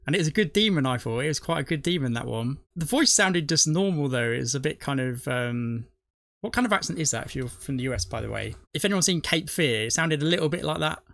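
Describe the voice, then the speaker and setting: A man's voice: on the high side, lively intonation, fast, gravelly, fairly bright tone, dry recording, clean studio sound. A man, the host of a reaction video, rambling chattily and laughing often. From not from the US. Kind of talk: casual chat.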